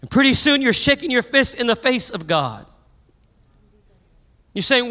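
A man preaching a sermon, telling a story with animated energy and raising his voice at the high points. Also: a little slow, pauses often. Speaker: pastor. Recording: long hall reverb.

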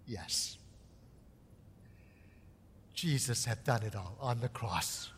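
A man's voice: mid-range voice, gravelly, slightly rough, big-room sound. A man from Cambodia, a missionary preacher giving an earnest sermon testimony that rises into impassioned pleading.

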